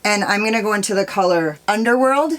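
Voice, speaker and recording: A woman's voice: mid-range voice, animated, a little fast, fairly bright tone. A woman makeup vlogger telling a rambling, profane story while doing her makeup, peppering her talk with "like" and "dude".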